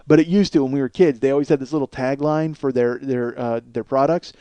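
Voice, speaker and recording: A man's voice: mid-range voice, fairly even intonation, brisk, mellow, smooth, no echo. Rambling, cursing guy, dry mic. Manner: rambling and profane, with lots of filler. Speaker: podcast host. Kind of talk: casual storytelling chat. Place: home studio at night.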